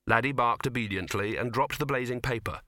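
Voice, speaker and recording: A man reads a novel aloud in steady, measured narration. His voice is bright and clear, and the recording is close and dry with no room sound. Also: mid-range voice, no room sound. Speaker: audiobook narrator. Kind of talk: scripted narration.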